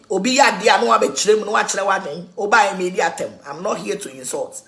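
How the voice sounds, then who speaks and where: A woman with a Ghanaian accent in an animated, mocking rant, laughing mid-sentence and switching between languages. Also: medium pitch, fast talker, gravelly, few pauses.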